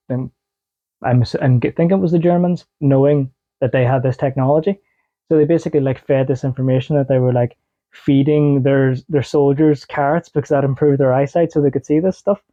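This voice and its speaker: A man's voice: medium pitch, fairly even intonation, moderate pace, mellow. A man co-hosting a casual podcast, telling loose stories and laughing easily. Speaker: podcast co-host. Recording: dull lo-fi podcast audio.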